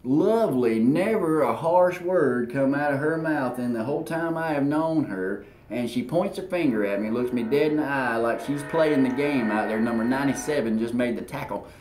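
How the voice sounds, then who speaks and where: A man's voice: mid-range voice, normal speed, hardly any pauses, slight background noise. A man co-hosting a show and telling a long, self-deprecating story, acting out what people said. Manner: animated, self-deprecating, acts out quotes. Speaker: co-host. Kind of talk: rambling anecdotal storytelling. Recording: roomy echo.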